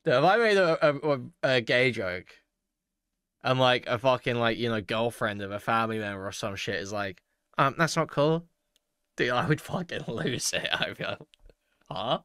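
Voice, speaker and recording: A man's voice: mid-range voice, lively intonation, moderate pace, fairly bright tone, clean tone, dry recording, studio quality. A man reacting to a clip with mocking, crude commentary and frequent laughs. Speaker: commentary host.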